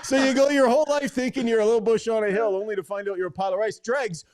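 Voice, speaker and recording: High-voiced man telling a laughing story. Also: fairly even intonation, fast talker, crowd noise. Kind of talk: casual storytelling chat.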